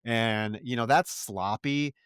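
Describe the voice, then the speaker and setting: A man's voice: medium pitch, slow, fairly bright tone, smooth, no echo, clean studio sound. A man co-hosting a film review podcast, swearing freely and sounding exasperated as he recounts scenes. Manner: profane, exasperated, mocks characters' lines. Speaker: podcast co-host. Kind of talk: casual film review chat.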